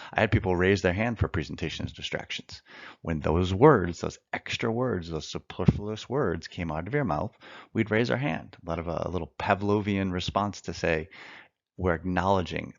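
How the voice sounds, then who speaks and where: A man with a very low, gravelly voice teaches mock trial in a recorded lecture. He is earnest and emphatic, repeating phrases for effect and pacing himself deliberately. The sound is dry and a little dull. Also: dry recording. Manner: works to slow down a fast natural pace.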